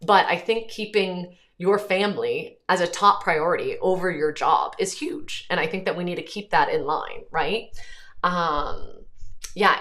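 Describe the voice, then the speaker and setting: Lower-voiced woman in casual chat. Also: fairly bright tone. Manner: chatty, rambling with frequent ums and self-corrections. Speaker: host. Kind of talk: casual livestream chat reading viewer comments.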